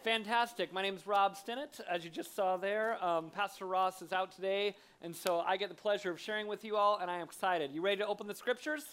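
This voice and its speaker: A man, a guest preacher giving a sermon in a church, lively and self-deprecating as he acts out funny stories. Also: high voice, fairly quick, hardly any pauses, clean tone. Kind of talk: sermon with humorous storytelling. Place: church sanctuary.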